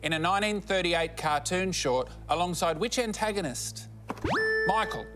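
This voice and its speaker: A man's voice: high-pitched, expressive, moderate pace, a bit bright. An Australian man hosting a TV quiz, teasing the contestants with dry quips. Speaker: quiz show host. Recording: studio audience and music behind.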